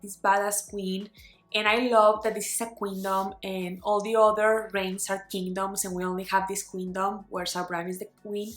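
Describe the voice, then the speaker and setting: In an echoey bedroom with soft music in the background, a young woman who grew up speaking chats as a book vlogger about her day of reading. Her voice is a little high with a fairly bright tone, and she rambles playfully, full of "like" fillers.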